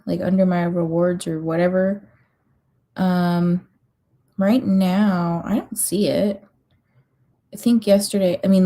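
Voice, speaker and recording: A woman in the middle of her voice range chats casually with her livestream viewers. Her tone is mellow and warm rather than bright, and she sounds sleepy, yawning now and then. She fills her talk with ums and likes and small laughs. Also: medium pitch. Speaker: livestream host of reading sprints. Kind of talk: casual chat reading out viewer comments.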